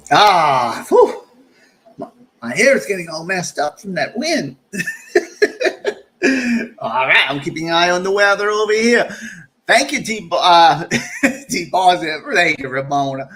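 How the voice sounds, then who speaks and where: A man chatting on a live stream from home, joking and chuckling through rambling asides. His voice is high and bright and swings widely. He takes his time. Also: very animated, slow, pauses often. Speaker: livestream host. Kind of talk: casual live-stream chat. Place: home during a storm.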